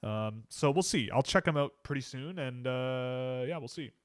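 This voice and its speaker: A Canadian man at a middle pitch, talking casually on a livestream. He thinks aloud and restarts sentences as he answers chat questions. The sound is dry and close, with no room behind it. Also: normal speed, smooth, dry recording.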